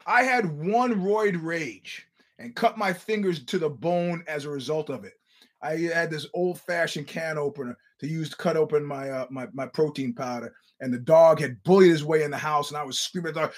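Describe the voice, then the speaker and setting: A middle-aged man hosting a casual chat, telling stories in an animated, profane way and acting out what people said. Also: on the high side, normal speed. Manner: animated storyteller, swears, acts out quotes. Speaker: podcast host. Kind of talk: casual fight-talk chat.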